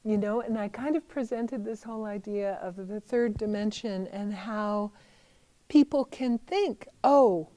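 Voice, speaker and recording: A middle-aged woman, a Buddhist teacher, giving a gentle, thoughtful talk in a conversational way with small fillers. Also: medium pitch, a little slow, poor audio. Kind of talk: reflective talk.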